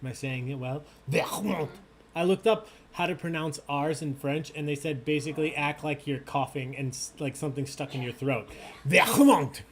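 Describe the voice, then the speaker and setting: A man's voice: a little high, fairly quick, hardly any pauses, a little hiss or hum. A man hosting a live online trivia night, reading questions and joking with players in an upbeat way. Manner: animated, upbeat, jokey. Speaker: trivia host.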